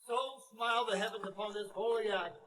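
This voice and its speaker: An actor playing a grave older friar who gives measured, admonishing counsel in outdoor Shakespeare stage acting. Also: male voice, high-pitched, fairly even intonation, fairly bright tone, a little hiss or hum. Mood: solemn. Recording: distant, reverberant live recording.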